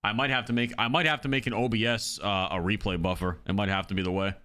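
A man's voice: on the low side, fairly even intonation, fast talker, pushed and bright. A man streaming a shooter game, chatting loosely with his viewers in casual commentary. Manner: chatty, loose, talks to chat as "dude" and "brother". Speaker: livestreamer playing a shooter. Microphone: streaming mic through an audio mixer.

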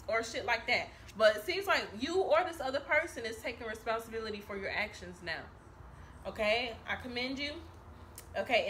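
A woman's voice: fairly high pitch, moderate pace, a bit bright, a little hiss or hum. A woman giving a casual tarot reading to camera, chatty and profane, laughing often and tagging her lines with "okay?". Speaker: tarot reader. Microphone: camera mic.

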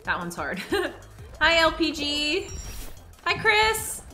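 A woman's voice: high-pitched, takes it slowly, faint music behind. A young woman streaming a game, chatting casually with viewers and cooing baby talk at her dog. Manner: chatty and animated, talks to viewers. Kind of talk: casual livestream chat.

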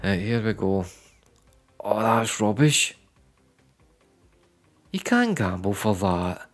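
A man giving live commentary on slot machine spins, chatty and prone to repeating words, breaking into loud excited bursts. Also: lowish voice, slow, soft background music. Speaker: online slots streamer.

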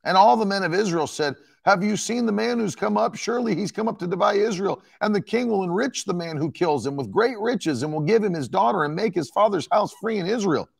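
Animated, gravelly-voiced male preacher. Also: high voice, a little fast, few pauses. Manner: emphatic, animated Bible exposition. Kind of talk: sermon.

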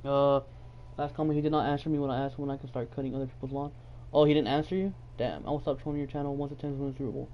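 A man's voice: mid-range voice, level tone, rapid-fire, dull audio. A young man from Texas live-streaming a game, chatting casually and joking while reading viewer messages aloud. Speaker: gaming streamer.

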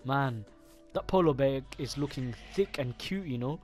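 A man giving casual gameplay commentary as a gaming YouTuber, excitable and swearing often as he reacts aloud to what he sees. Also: mid-range voice, normal speed. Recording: game music clearly behind the voice.

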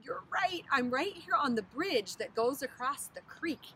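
Outdoors on a bridge over a creek, a preschool teacher reads a picture book aloud with expressive storytelling. Her voice is high-pitched and unhurried, and the recording is rough.

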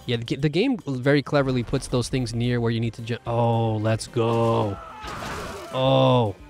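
A man's voice: mid-range voice, fairly even intonation, a little slow, creaky, darkish tone, faint music behind. Male game host, casual commentary, jokey and exclamatory.

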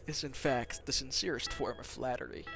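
A man's voice: mid-range voice, fairly even intonation, normal speed, vocal fry. A young man giving casual commentary while playing a racing game, cursing and laughing in frustration, sometimes slipping into mock-dramatic villain talk. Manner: frustrated, swearing, laughing often. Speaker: gamer commentator. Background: game music.

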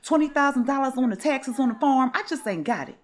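A woman's voice: high-pitched, expressive, a little fast, voice pushed up. A woman voicing a middle-aged daughter who defends herself for lacking money, in an exasperated tone for a Sims let's play. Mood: defensive.

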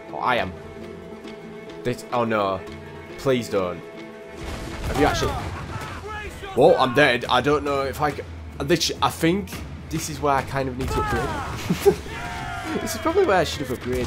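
A young man giving gameplay commentary in an exasperated, self-talking way. His pitch moves up and down a lot while his voice stays at an ordinary middle height. Loud game music and cannon fire sit behind him. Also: very animated, normal speed, long pauses. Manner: exasperated, talking to himself, repetitive. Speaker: gamer.

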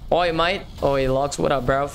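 A man's voice: a little high, fairly even intonation, moderate pace, gravelly, a little hiss or hum. A young man hosting a live gaming stream, chatting casually and upbeat with viewers, slangy and often repeating himself. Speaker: livestream gaming host.

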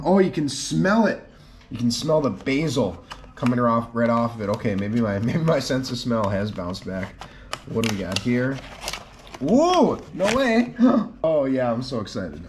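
A man vlogging as he tastes food, exclaiming excitedly over each dish. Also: mid-range voice, slight background noise. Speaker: travel vlogger. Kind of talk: food tasting vlog.

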